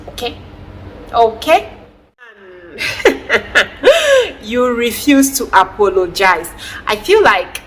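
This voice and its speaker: A woman, chatting in an emphatic, animated way as a vlogger giving advice. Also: mid-range voice, slight background noise, rough recording. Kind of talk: casual advice vlog.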